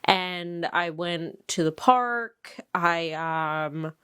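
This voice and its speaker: Young woman book vlogger, rambling casual chat full of fillers, slow pace, dry close sound. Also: lowish voice, pushed and bright, smooth, no echo. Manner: chatty, rambling, many fillers and restarts. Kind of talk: casual reading vlog chat. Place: at home, seated in one spot. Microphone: camera set in place.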